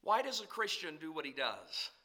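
A young man preaching a sermon, moving between loud emphatic declarations and quieter conversational asides to the congregation. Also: fairly high pitch, huge pitch swings, normal speed.

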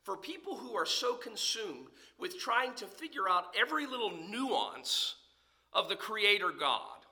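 A man preaching a sermon in church as pastor, swinging between loud emphasis and hushed near-whispers. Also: sits high, big pitch swings, a little slow. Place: church sanctuary.

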